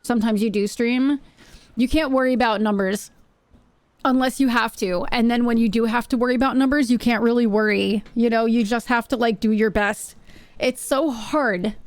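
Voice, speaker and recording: Woman, streamer, casual rambling chat, repeats herself, slightly high voice, dry close sound. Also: fairly even intonation, moderate pace, no room sound. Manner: chatty, rambling, repeats phrases. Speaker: Twitch streamer. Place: home streaming setup.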